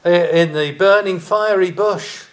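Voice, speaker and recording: A man preaching a sermon, speaking deliberately and rising in emphasis on key phrases. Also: high-pitched.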